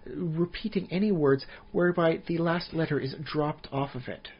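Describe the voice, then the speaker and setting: A man voicing a haughty male elven wizard, centuries old, who pronounces every letter with slow precision. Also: fairly high pitch, muffled recording, slight background noise, pitched above the performer's own voice, lightly acted. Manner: slow, over-precise enunciation.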